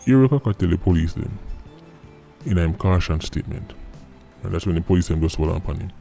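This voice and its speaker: A man's voice: sits low, lively intonation, a little fast, creaky, mellow. A man with a Jamaican accent hosting a political commentary vlog, sardonic and mocking, firing off rhetorical questions. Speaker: vlog host. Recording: faint background music.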